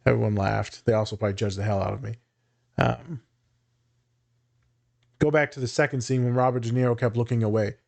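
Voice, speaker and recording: A man's voice: medium pitch, fairly even intonation, fairly quick, vocal fry, pauses often, a little mellow. Candid, profane man talking shop. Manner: candid, profane, dry humor. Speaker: therapist and teacher. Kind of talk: casual podcast chat.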